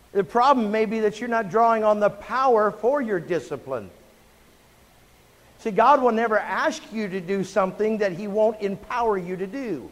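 A middle-aged male pastor with a notably high voice preaches with emphatic energy, calling out for amens and hallelujahs. His voice rings through a church sanctuary with a long trailing reverb. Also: a bit bright. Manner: emphatic, call-and-response preaching. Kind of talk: sermon.

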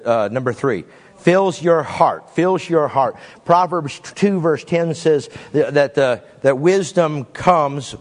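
A man preaching a sermon in an animated way, with sudden swings in pitch and pace. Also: in a large hall.

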